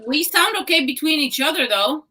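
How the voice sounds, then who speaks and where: A woman co-hosts a casual live video-call chat in an easygoing, joking way. Her voice is bright and a bit high. She reassures the others calmly. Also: a little fast. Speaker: co-host.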